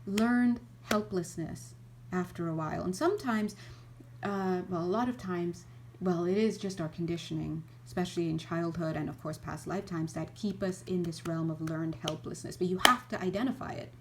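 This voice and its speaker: A middle-aged woman, a spiritual teacher and energy healer, giving an animated casual talk and acting out little scenes. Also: fairly low pitch, moderate pace, a little hiss or hum. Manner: animated, acts out little scenes, many restarts.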